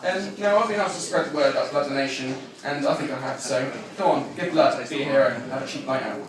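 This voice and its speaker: A man doing a live stand-up routine with crude, deadpan one-liners. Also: medium pitch, fast talker, crowd noise. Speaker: stand-up comedian. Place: comedy club stage. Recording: echoey live room from far off, audience laughter. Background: audience laughing.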